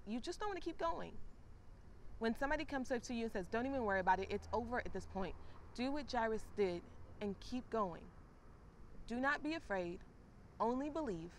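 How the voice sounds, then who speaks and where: A woman's voice: a little high, expressive, moderate pace, a little hiss or hum. A woman hosting a faith talk series, casually retelling a scripture story and speaking straight to her listeners. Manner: conversational, retells scripture with acted-out asides.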